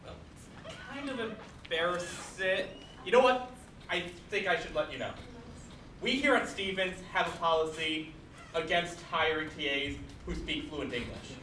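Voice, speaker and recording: A man's voice: on the high side, normal speed, sharp tone. A young man in a student comedy sketch playing a pompous university official who mock-apologizes. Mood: smug. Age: young adult. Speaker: sketch actor. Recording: echoey room, far mic, noisy.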